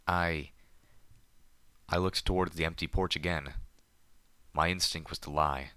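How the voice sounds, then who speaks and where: A man reading a story aloud in the first person with a measured, deliberate delivery. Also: extremely low pitch, fairly even intonation, pushed and bright, clear, resonant tone, no echo. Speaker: audiobook narrator.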